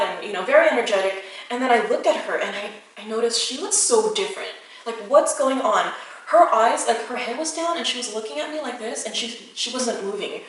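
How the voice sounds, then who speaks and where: A woman vlogger telling a storytime vlog in a chatty way, full of fillers. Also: on the high side. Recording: echoey room, distant mic, faint music.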